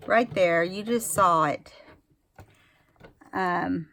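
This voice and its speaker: A woman's voice: medium pitch, creaky, background noise. A woman hosting a casual crafting tutorial, chatting to viewers and correcting herself as she works. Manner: chatty, self-correcting, talks to viewers while working. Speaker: craft video host.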